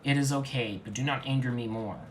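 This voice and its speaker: A man voicing a swaggering macho male cat hero in a comedic dramatic reading, booming with mock-heroic deadpan. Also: brisk, a little hiss or hum, close to an everyday voice. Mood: boastful.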